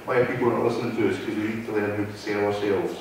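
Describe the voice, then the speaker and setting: With a lowish, fairly even voice, a man from Wigan in Lancashire races through a conversational talk to a live meeting-hall audience, often checking in with the room. He is a guest speaker from North West England. The recording, made from far off, is very echoey, with slight background noise.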